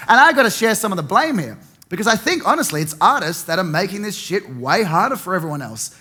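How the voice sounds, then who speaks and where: Stand-up: young Australian man, sardonic and sweary, high, bright voice. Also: very animated, fast, breathy edge. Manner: sardonic, swears freely, mocks with put-on voices. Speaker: stand-up comedian. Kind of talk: stand-up comedy set.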